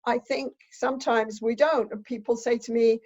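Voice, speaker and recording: A woman's voice: fairly high pitch, steady tone, normal speed, a little mellow, breathy edge, muffled recording. An older woman, a relationship expert, explaining ideas thoughtfully in conversation with examples.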